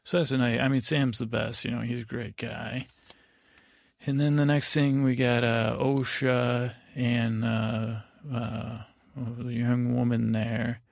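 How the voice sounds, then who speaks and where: A man's voice: medium pitch, level tone, takes it slowly, creaky, no room sound, clean studio sound. A man hosting a podcast, rambling through a drowsy, meandering recap full of fillers and asides. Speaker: podcast host.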